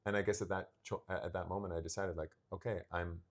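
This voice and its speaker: A low-pitched man in his thirties tells a personal story on a casual podcast, acting out what people said along the way. He speaks animatedly. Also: little pitch movement, brisk. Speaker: podcast co-host. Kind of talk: casual chat.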